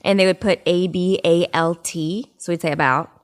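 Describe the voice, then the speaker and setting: A woman's voice: lowish voice, level tone, moderate pace, a little mellow. A woman from Canada, a voice actress, chatting as a podcast guest. She is easygoing and laughs often. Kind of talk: casual interview chat.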